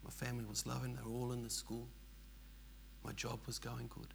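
An older Australian man tells his own story with a gravelly, creaky edge to his voice. He speaks earnestly and emphatically, and his sentences ramble and circle back. A faint hiss sits under the recording. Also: mid-range voice, monotone, fairly quick. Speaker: churchgoer telling his story. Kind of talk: personal testimony storytelling.

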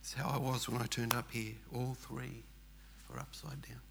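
An older Australian man tells his own story with a gravelly, creaky edge to his voice. He speaks earnestly and emphatically, and his sentences ramble and circle back. A faint hiss sits under the recording. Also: medium pitch, flat delivery, moderate pace, a bit bright. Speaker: churchgoer telling his story. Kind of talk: personal testimony storytelling.

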